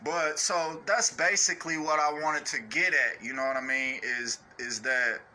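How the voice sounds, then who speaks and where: A man ranting off the cuff in a blunt, cursing way, always checking in with his listeners. His voice sits a little high and carries a very bright, forceful edge. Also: steady tone, normal speed, a little hiss or hum. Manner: blunt, profane, repeats "you know what I'm saying"; mocks others in high put-on voices. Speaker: online ranter. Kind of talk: unscripted rant.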